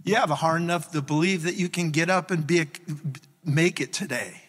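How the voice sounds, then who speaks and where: A man preaching a sermon as pastor, animated in his storytelling. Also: fairly high pitch, fairly quick, long reverb tail. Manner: animated storytelling, acts out his own reactions. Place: church sanctuary.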